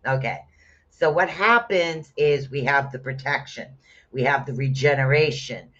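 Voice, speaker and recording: A man giving casual rune readings on a live stream, chatting with viewers and bursting into loud exclamations. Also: mid-range voice, a little slow. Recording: dull lo-fi stream audio.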